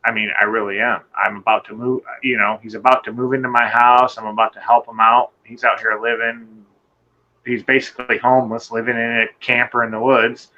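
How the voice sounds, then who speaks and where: A man recounts a nighttime encounter in a loose, rambling way, cursing freely and jumping into the voices of the people in his story. His tone is bright and forceful, and the sound is dull and lo-fi, like an online call. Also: medium pitch, brisk. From Michigan. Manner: animated, rambling, swearing, acts out quotes. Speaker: guest telling an encounter story. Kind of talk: casual storytelling on a live show.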